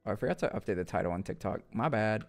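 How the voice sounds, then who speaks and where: A man's voice: on the low side, expressive, rapid-fire, soft background music. A man streaming, talking casually and in slang with his viewers between voice-acted lines. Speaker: streamer voice actor.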